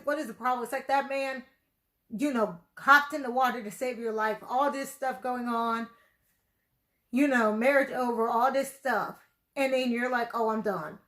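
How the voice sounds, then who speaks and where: A woman with a slightly high voice talks through her reaction to a TV episode. She rambles loosely, leaning on "like" and "you know" as she thinks aloud in casual commentary. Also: moderate pace, pushed and bright. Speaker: video reactor.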